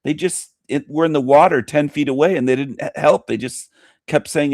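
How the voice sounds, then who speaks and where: A man's voice: on the high side, normal speed, dry recording, studio quality. A man hosting his own show, commenting on a video he plays, scornful and mocking as he rants. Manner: scornful, mocking, animated ranting. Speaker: host.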